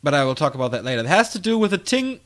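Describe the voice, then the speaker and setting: Guy casting a game solo, talks kinda high, swoops around a lot, chatty rambles between matches. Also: very fast. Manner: excitable play-by-play, drifting into loose rambling asides between games. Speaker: esports caster. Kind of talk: solo game commentary with casual chat.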